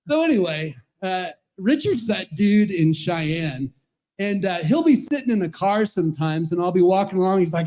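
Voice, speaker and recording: A man's voice: high-pitched, animated, normal speed, mellow. A man in his fifties, an Episcopal priest, telling rambling, chuckling stories in a roast speech at a charity event. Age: 50s.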